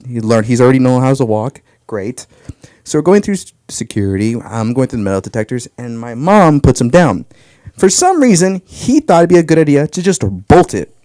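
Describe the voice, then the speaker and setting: A man's voice: medium pitch, dark tone, no room sound, clean studio sound. A young man telling crude, brash stand-up stories about his family on a comedy club stage. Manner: brash storytelling, crude punchlines.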